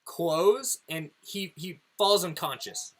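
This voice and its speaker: A man narrating a tabletop game as game master, halting and repeating words as he describes scenes. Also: sits high.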